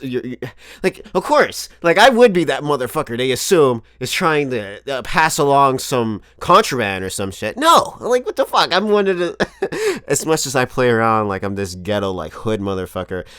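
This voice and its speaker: Animated, profane young man telling stories. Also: mid-range voice, normal speed, clear, resonant tone, no echo, clean studio sound. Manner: animated, profane, laughs often. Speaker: vlogger. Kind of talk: comedic storytelling monologue.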